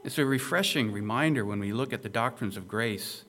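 A man's voice: mid-range voice, fairly quick, fairly bright tone. A male pastor preaching an expository sermon, emphatic and conversational, with rhetorical questions to the listeners.

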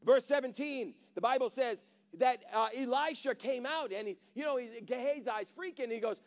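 High-voiced preacher, casual and rousing. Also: male voice, normal speed. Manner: casual storytelling, building to shouted exhortation. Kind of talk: sermon.

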